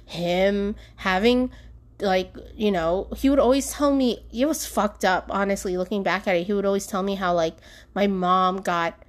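A woman's voice: mid-range voice, normal speed. A young adult woman hosting a solo podcast from home, talking candidly and rambling with many fillers and bursts of laughter. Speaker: podcast host. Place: alone at home.

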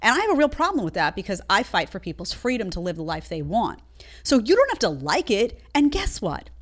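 Animated, sarcastic woman host ranting. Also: medium pitch, brisk. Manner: emphatic, sarcastic, scolding. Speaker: show host. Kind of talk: opinionated live commentary.

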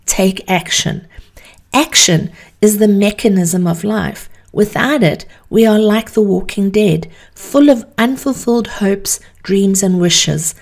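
A woman hosting a podcast, telling an encouraging story in a measured, unhurried way. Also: mid-range voice, darkish tone. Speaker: podcast host. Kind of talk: motivational storytelling.

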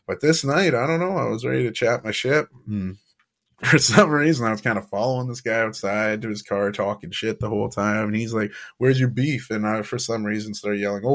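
A young man with a fairly low, fairly bright voice hosts a casual sports podcast. Laid-back and chatty, he recaps games and tells stories with easy laughs.

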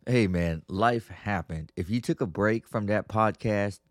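A man's voice: lowish voice, no room sound, clean studio sound. A man hosting a podcast, telling stories in a crude, rambling way with lots of profane slang. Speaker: podcast host. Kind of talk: casual podcast monologue.

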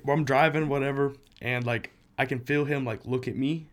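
A man's voice: medium pitch, steady tone, moderate pace. Young guy chatting casually, spinning a story, laughing a lot, acting out quotes. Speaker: storyteller in a podcast chat. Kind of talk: casual chat.

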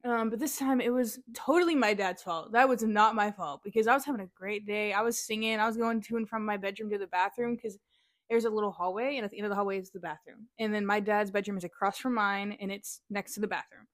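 A young woman telling a lively story in casual chat, laughing often and saying "like" a lot. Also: medium pitch, quick pace, no echo, clean studio sound. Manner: animated, laughing storyteller, lots of "like".

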